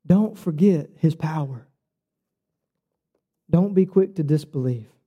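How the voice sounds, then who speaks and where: A man's voice: slow pace, slightly rough, muffled recording. A man preaching a sermon, telling his own story earnestly and personally. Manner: earnest, personal storytelling with lively shifts in pitch.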